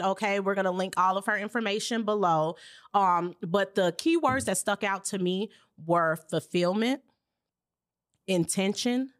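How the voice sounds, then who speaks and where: A woman's voice: lowish voice, a bit bright, dry recording, studio quality. A woman hosting a casual podcast interview, enthusiastic and full of affirmations. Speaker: podcast host.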